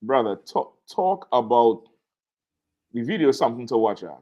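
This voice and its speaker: Animated man retelling a story. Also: medium pitch, normal speed. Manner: animated storytelling, acting out quotes. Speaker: show host. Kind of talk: casual show commentary.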